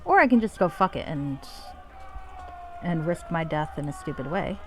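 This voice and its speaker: A woman's voice: low voice, lively intonation, moderate pace, noisy background. Wry, cursing woman game streamer. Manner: wry and profane. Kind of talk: casual game stream commentary.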